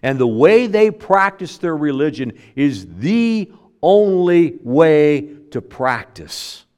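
A male pastor preaches in a relaxed, conversational style. His pitch swings widely as he acts out the voices of the people in his story, and he sometimes stops and restarts mid-phrase. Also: slow pace, clear, resonant tone. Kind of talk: sermon.

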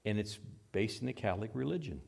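Man, pastor, sermon, dramatic scripture reading, hushed asides, questions to the congregation. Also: lowish voice, lively intonation, fast, vocal fry.

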